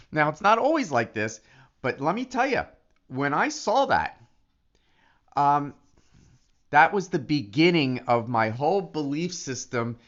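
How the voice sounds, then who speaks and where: A man talking casually in a vlog, excitable and animated, often restarting his sentences. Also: fairly high pitch, a little slow, pauses often. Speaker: affiliate marketer. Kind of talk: casual vlog talk to camera. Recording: dull lo-fi recording.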